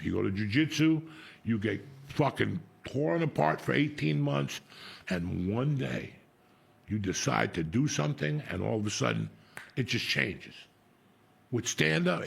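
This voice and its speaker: A man's voice: medium pitch, vocal fry, breathy edge. A middle-aged man from New Jersey hosting a podcast, telling rambling, profane stories in casual chat. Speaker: podcast host.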